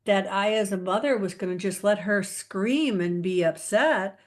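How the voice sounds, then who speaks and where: A woman's voice: mid-range voice, normal speed. Casual chat host, middle-aged woman, playful storyteller, teasing and laughing. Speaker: podcast host.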